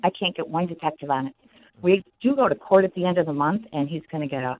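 A woman calling in to a radio show, frustrated and halting as she tells her complaint. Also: low voice. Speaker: caller. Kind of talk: phone-in call. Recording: tinny phone line.

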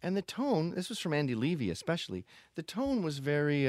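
A man's voice: a little high, big pitch swings, fast talker, hardly any pauses, darkish tone, no echo, clean studio sound. A man hosting a podcast, talking in a blunt, profane, digressive casual monologue. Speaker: podcast host.

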